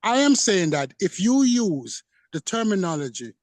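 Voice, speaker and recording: A man's voice: high-pitched, big pitch swings, moderate pace, darkish tone, dry recording. A man co-hosting a podcast who argues his point in a heated casual debate, insistent and repeating himself. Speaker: podcast co-host.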